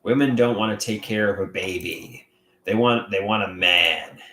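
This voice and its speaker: A man livestreaming on his own, reading viewer comments aloud and talking in a halting, rambling way with many restarts. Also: fairly low pitch, sharp tone, echoey room. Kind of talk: casual livestream chat.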